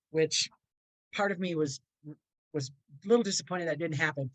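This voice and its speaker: A woman's voice: sits low, measured pace, dry recording, low-quality recording. A middle-aged woman, a podcast guest and motivational speaker, telling a personal story in a rambling, earnest way and acting out the voices of people in it.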